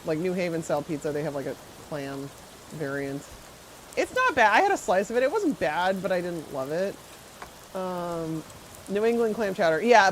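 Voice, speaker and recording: Game streamer, casual chatter, mid-pitched voice, rambling talk, answers chat. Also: slight background noise, rough recording. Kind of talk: casual live-stream chat while playing.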